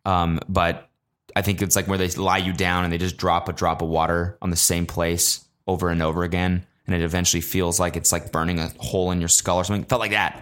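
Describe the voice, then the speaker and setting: A young man hosting a casual solo podcast, ranting with swearing and sudden high, exasperated outbursts. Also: flat delivery, a little fast, a bit bright. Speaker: podcast host. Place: traveling abroad, recording while away.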